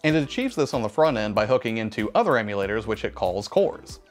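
Young guy, low voice, talks fast, chill chatty tech voice-over, faint music behind. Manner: relaxed, chatty, self-correcting. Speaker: tech video host. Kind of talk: scripted tech overview narration.

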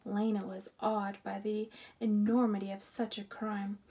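A woman reading a children's storybook aloud in an expressive, animated storytelling manner. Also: medium pitch, unhurried, slightly rough. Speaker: storybook reader.

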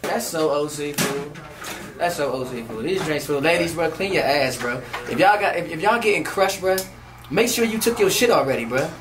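A man vlogging and telling a crude story in casual chat, animated and tacking "fool" onto nearly every line. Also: a little high, normal speed, recorded from a distance, background noise.

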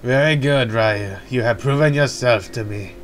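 A man's voice: mid-range voice, normal speed, slight background noise, lightly acted. A man voicing a solemn ancient male elder who speaks in a grave, formal, ceremonial way, while faint game music plays behind him.

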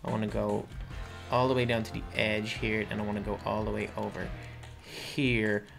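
A man chatting casually while playing a building game, thinking aloud and breaking into loud panicky bursts. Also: fairly low pitch, flat delivery, moderate pace, vocal fry, soft background music. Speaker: gaming channel host. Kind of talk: casual gameplay chat.

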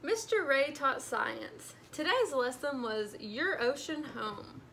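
Lady librarian doing storytime, slow, high voice, faint hum behind. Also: vocal fry. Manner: animated, addresses children. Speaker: children's librarian. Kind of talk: storytime read-aloud.

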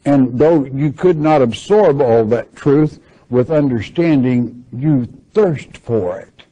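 A man's voice: medium pitch, expressive, slow pace, dark tone. A man teaching verse by verse through a Bible passage, reading scripture aloud and then explaining it plainly. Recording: dull lo-fi recording.

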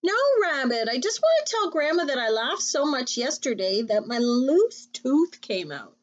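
A woman's voice: high-pitched, very animated, moderate pace, muffled recording, pitched above the performer's own voice. A woman voicing an earnest, easygoing young male pig in a storybook, cheerful and matter-of-fact.

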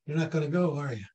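A man's voice: a little high, darkish tone, highs cut off. A man teaching a hands-on technology class in a patient, folksy way, checking in often with the group. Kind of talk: hands-on tech lesson with a told joke.

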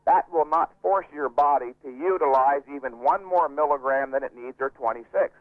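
A man explains his views with firm emphasis, repeating key points word for word. His voice sits at an ordinary middle pitch. He is heard over a dry, phone-like radio recording. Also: normal speed, no echo. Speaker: interviewee. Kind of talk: radio interview.

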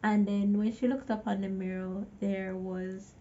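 A woman's voice: mid-range voice, level tone, measured pace, warm tone, highs cut off. A woman giving a casual movie recap, chatty, with exasperated asides to the viewer. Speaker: movie reviewer.

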